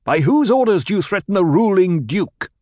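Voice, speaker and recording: A man's voice: mid-range voice, animated, moderate pace, no room sound, clean studio sound, voice pushed up, close to an everyday voice. A man voicing Paul Atreides, a commanding young duke. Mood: commanding shout. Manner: barks orders, rising to shouts. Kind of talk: audiobook character voice.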